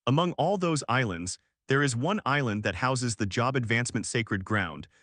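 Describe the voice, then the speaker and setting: A man's voice: mid-range voice, lively intonation, normal speed, a bit bright, no room sound, clean studio sound. A man voicing a stern, irritable young male guildmate in a recap story, read plainly.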